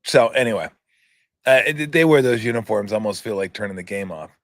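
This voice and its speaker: A man's voice: fairly low pitch, animated, a little fast, a bit bright, dry recording, studio quality. A man hosting his own show, ranting in casual talk, sarcastic and swearing freely as he mocks what he reads aloud. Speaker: show host. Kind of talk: casual profane rant.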